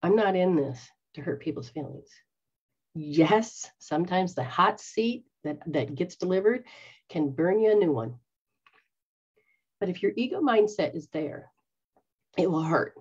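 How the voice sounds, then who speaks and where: A woman's voice: on the low side, lively intonation, a little slow, long pauses, darkish tone, husky. A woman who is a psychic medium and spiritual teacher, talking earnestly to her followers and acting out quoted voices. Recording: dull lo-fi sound.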